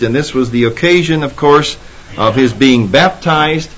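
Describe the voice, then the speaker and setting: A man's voice: mid-range voice, measured pace, fairly bright tone. A man preaching a sermon, rising emphatically when quoting Scripture. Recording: dull lo-fi sermon recording.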